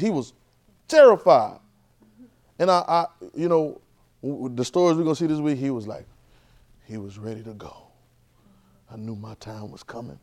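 Male preacher, thirties, call-and-response style, pitched a bit high. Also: animated, unhurried, long pauses, a little mellow. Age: 30s. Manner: call-and-response with the congregation, conversational and emphatic. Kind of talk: sermon.

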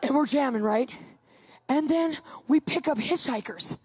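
A woman with a high voice tells a funny story to listeners. She is animated and emphatic, and she leans into every dramatic turn of her retelling. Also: measured pace, background noise. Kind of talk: comic storytelling monologue.

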